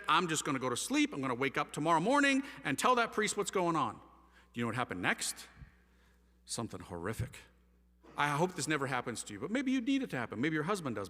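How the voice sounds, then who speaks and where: Man, lively swooping voice, bright and forceful, telling his story to a crowd, long hall reverb. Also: fairly high pitch. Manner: animated, slangy storytelling with wide swings of loudness. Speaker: speaker giving a testimony. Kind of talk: impassioned testimony talk to a live audience.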